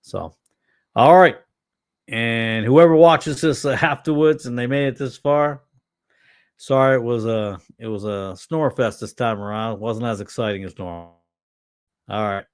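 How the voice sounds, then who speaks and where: A tired middle-aged pastor chatting casually on a livestream, rambling with many fillers and restarts. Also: male voice, medium pitch, measured pace, smooth, dry recording, clean studio sound.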